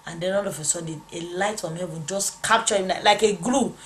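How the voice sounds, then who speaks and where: A woman's voice: fairly low pitch, fairly quick, slight background noise. A woman, a pastor's wife, telling a dramatic spiritual testimony in an emphatic, repetitive, exclamatory way.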